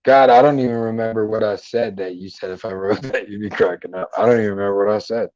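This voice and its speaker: A man's voice: fairly low pitch, fairly even intonation, quick pace, a little mellow, dry recording, muffled recording. A middle-aged man hosting a livestream, chatting casually and joking with viewers' comments in a loose, profane way. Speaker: livestream host. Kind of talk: casual chat reading live comments. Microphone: headphones and mic at a computer.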